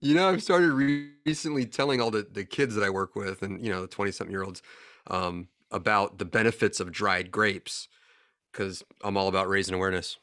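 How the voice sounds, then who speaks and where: A man's voice: lowish voice, steady tone, brisk, fairly bright tone, dry recording. A man co-hosting a podcast, trading wry, dry quips in casual banter. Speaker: podcast co-host.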